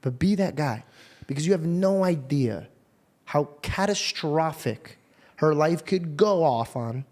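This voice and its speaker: A man's voice: fairly high pitch, lively intonation, unhurried, a little mellow. A man hosting an interview, telling a personal story casually and earnestly with a lot of slang and swearing. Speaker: podcast host.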